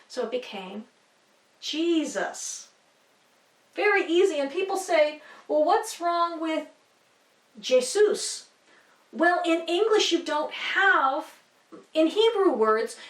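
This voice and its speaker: Chatty female Bible teacher, high pitch, recorded from a distance in a reverberant room. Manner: chatty, with fillers and asides, checking in with "okay?" and "right?". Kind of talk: casual classroom explanation. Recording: echoey room, mic at a distance.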